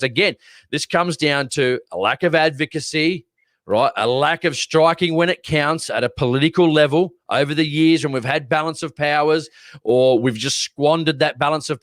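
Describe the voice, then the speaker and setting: A man's voice: a little high, moderate pace, fairly bright tone, dry recording, studio quality. An Australian man co-hosting a livestream podcast, ranting bluntly and repeating words when worked up. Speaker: podcast co-host. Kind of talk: casual livestream chat.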